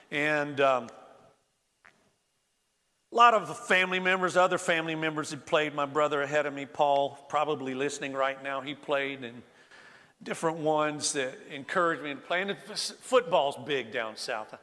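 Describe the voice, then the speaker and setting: A man's voice: a little high, sharp tone, big-room sound. A middle-aged male pastor preaching a sermon in a church sanctuary, telling stories in a folksy way with many fillers and restarts.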